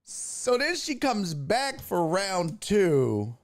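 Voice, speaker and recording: Slow, animated profane male storyteller. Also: sits high. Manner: profane, animated, acts out his own quotes. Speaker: podcast host. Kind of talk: comedic storytelling.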